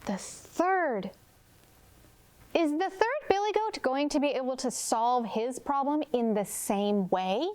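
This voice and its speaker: A woman kindergarten teacher leading a storybook lesson, talking slowly and clearly with a very lively, sing-song rise and fall. Her tone is gentle and expressive as she pauses to ask questions. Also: high voice.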